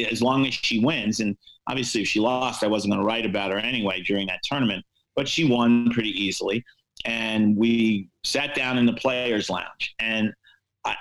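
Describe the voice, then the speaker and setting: A man's voice: fairly low pitch, a bit bright, poor audio. Wry older man telling a story. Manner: wry, self-deprecating anecdotes with many fillers. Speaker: sportswriter guest. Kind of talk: storytelling in a podcast interview.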